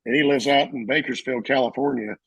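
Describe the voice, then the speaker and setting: A middle-aged man, a veteran, telling his service stories casually and acting out the shouted lines of others. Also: mid-range voice, fairly quick, vocal fry, breathy edge, no echo, rough recording. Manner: animated, acts out shouted quotes. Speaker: veteran interviewee. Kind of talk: casual storytelling.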